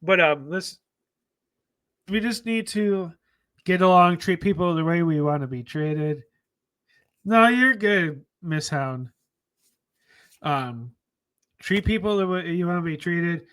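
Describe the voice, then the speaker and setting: A man speaking slowly and earnestly in a casual memorial chat, halting with many ums, close to his desk mic. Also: high-pitched, expressive, a bit bright, smooth. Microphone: close desk mic on stream.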